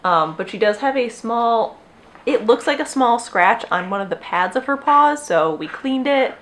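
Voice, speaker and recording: A woman's voice: on the high side, expressive, normal speed, fairly bright tone. Chatty young woman talking to camera. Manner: rambling, chatty, often breaks off to talk to her dog. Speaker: knitting podcast host. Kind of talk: casual chat. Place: at home with dogs.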